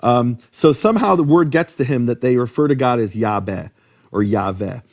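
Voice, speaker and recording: Guy teaching about old hebrew names, lively, keeps asking rhetorical questions, restarts a lot. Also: mid-range voice, fairly quick. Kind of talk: conversational lecture.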